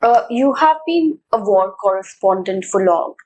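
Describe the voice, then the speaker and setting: A woman hosting an interview, asking questions and thanking her guest in a polite, measured way. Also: medium pitch, lively intonation, a little mellow, highs cut off. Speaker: host.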